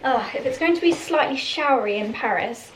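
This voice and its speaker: A woman's voice: high-pitched, lively intonation, a little fast, far from the mic, slight background noise. A young woman vlogging about fashion, chatty and giggly, thinking aloud while she tries on clothes at home. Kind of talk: casual vlog chat. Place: room at home, trying on clothes. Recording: echoey room, voice from off-mic.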